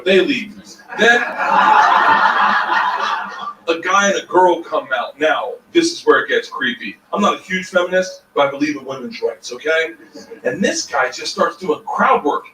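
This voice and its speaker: A man doing stand-up storytelling, profane and animated, sometimes breaking into shouts, heard from a distance in a roomy space. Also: fairly high pitch, moderate pace. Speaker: stand-up comedian. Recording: roomy far-off stage recording with noise.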